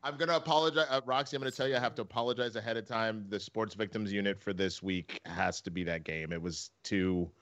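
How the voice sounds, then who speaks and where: A man co-hosting a podcast, telling stories in a loose, animated way and acting out quotes. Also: on the low side, fast talker, hardly any pauses. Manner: animated storytelling, acts out quotes. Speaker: co-host. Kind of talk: casual podcast chat.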